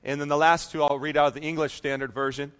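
A man's voice: on the high side, little pitch movement, quick pace, a bit bright. A male pastor preaching a sermon, reading scripture emphatically and adding casual, joking asides.

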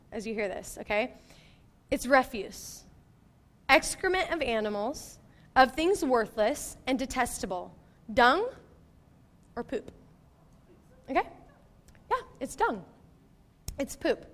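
A middle-aged woman pastor preaching in a chatty, animated way, laughing and tossing in playful asides. Her voice sits high and light. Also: long reverb tail. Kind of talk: sermon.

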